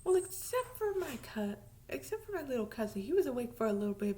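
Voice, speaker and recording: Woman vlogger, high voice, casual and animated, emphatic repeats, occasional whispers. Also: fast. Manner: drops to a whisper at times. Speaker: vlogger reviewing a TV series. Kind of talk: casual chat.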